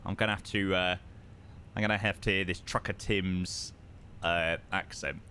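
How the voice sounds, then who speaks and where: A man's voice: low voice, steady tone, normal speed, sharp tone, slight background noise. A man with a southern English accent chatting casually on a live stream, reading out viewer messages and swearing freely. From southern England. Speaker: flight sim streamer.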